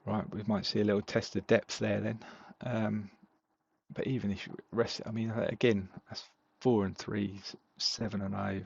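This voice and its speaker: A man's voice: lowish voice, normal speed, vocal fry, breathy edge, muffled recording. A man co-hosting a podcast, chatting casually and rambling about game results. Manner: relaxed, rambling with fillers. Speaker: podcast co-host. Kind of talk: casual chat reviewing fantasy football games.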